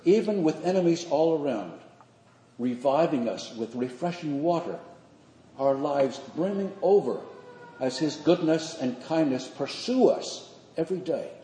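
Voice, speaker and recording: An older man, a priest, preaching a sermon in measured, earnest phrases with slow emphatic pauses. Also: a little high, expressive, mellow, a little hiss or hum. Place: church sanctuary. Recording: echoey church hall.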